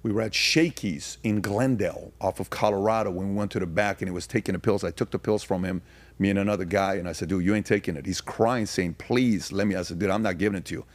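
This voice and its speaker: A man with a fairly low voice speaks as a guest on a podcast. He tells stories in a casual way and then presses his point with pointed rhetorical questions. The sound is dry and close to the mic. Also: quick pace, dry recording. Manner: grows emphatic and rhetorical, firing questions; frequent fillers and restarts. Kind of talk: casual conversation, storytelling.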